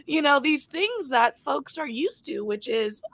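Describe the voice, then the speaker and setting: A young woman host with a high, bright-sitting voice keeps a casual podcast chat lively, laughing often and playing out little scenes as she talks. Her voice is recorded close and dry, with almost no room sound around it. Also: measured pace, dry recording, rough recording. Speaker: podcast host and 911 dispatcher.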